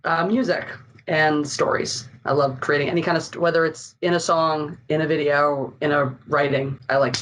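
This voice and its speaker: A chatty woman from Philadelphia talks casually as a podcast guest, joking at her own expense. Her voice sits at an ordinary pitch. A faint hiss runs under the recording. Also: steady tone, moderate pace, fairly bright tone, poor audio. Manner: chatty, self-deprecating, jokey.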